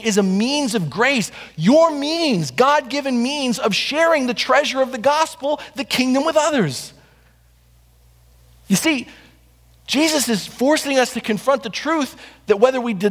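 High-voiced pastor preaching in a reverberant hall. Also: male voice, fairly bright tone. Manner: preaching with rhetorical questions and repetition. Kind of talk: sermon. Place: church sanctuary.

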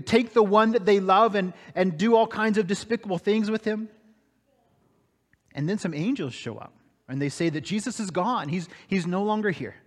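High-voiced man preaching in a reverberant hall. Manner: dramatic storytelling, swinging between hushed and raised. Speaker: pastor. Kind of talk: sermon.

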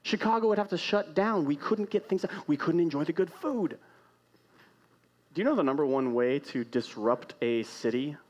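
Man, pastor, conversational sermon, rhetorical questions, shifts from loud to hushed. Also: fairly high pitch, lively intonation, moderate pace, dull audio.

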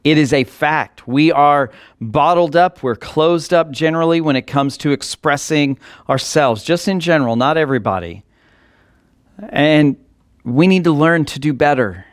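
A man's voice: fairly high pitch, normal speed, no room sound, studio quality. A male pastor preaching a sermon in an earnest way that builds to emphatic passages.

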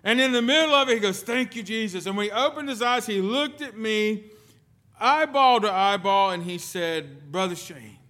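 A man preaching a sermon as pastor, telling stories with sudden swings between loud and soft. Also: sits high, animated, moderate pace. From lived in the United Kingdom.

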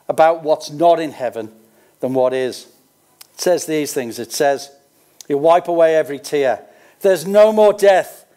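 A man's voice: on the high side, mellow. An older man with an Australian accent, preaching a sermon as pastor, mixing scripture readings with folksy, conversational asides.

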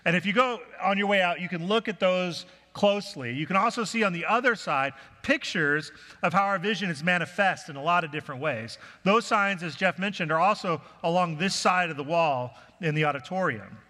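A man's voice: high-pitched, brisk, few pauses, pushed and bright. A male pastor giving a sermon to his congregation, earnest and conversational. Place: church auditorium. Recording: reverberant church hall.

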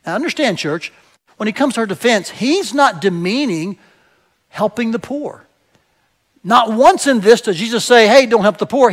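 A male pastor with a notably high-pitched voice delivers a sermon in a relaxed, conversational way. He talks directly to his church and makes his points with everyday examples. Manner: conversational, asks the congregation "right?"; explains with everyday examples and some hesitations.

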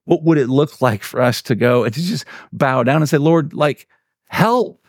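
A man preaching a sermon to a congregation in a relaxed, conversational way, often filling with "like" and "right". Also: medium pitch, fairly quick, no room sound, clean studio sound. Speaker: pastor.

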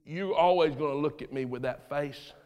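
A male preacher delivering a dramatic sermon, swinging between hushed storytelling and loud shouts, recorded in a church sanctuary. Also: on the high side, normal speed, clean tone. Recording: reverberant church hall.

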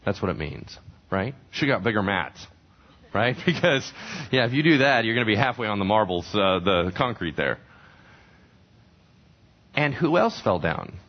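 A man's voice: on the low side, very animated, moderate pace, long pauses, lo-fi sound. A male pastor preaching a sermon, who keeps asking the congregation questions and then answers them himself. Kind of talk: sermon teaching from scripture.

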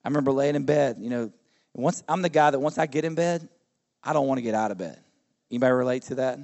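Pastor, preaching conversationally. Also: male voice, mid-range voice, fast, darkish tone. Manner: conversational, addresses the congregation directly with questions. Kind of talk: sermon. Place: church service.

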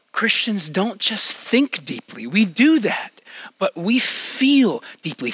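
A man preaching a sermon to his congregation, asking them questions and sometimes dropping to a hushed near-whisper for emphasis. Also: high voice, no echo. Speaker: pastor.

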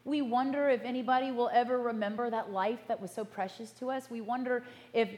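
Earnest woman pastor preaching slowly. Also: on the high side, fairly even intonation, a little mellow. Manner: earnest, measured, slows for emphasis. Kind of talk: sermon.

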